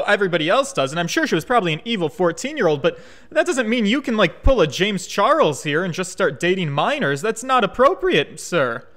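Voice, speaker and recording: Jokey male streamer, high and animated, narrating a game out loud. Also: brisk, few pauses. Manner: jokey, rambling, reads game text aloud. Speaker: let's play streamer. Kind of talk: casual game commentary and reading dialogue aloud.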